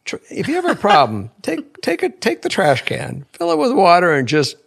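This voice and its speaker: A man guest co-hosting a casual chat, joking and halting with restarts. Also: fairly high pitch, wildly swooping pitch, vocal fry, breathy edge. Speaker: guest co-host.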